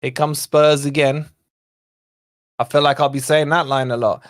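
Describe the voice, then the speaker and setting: A man hosting a live fan watch-along, commentating on play and chatting with viewers, excitable and quick to shout at near misses and fouls. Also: a little high. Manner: chatty, talks to viewers and co-host. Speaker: fan channel host.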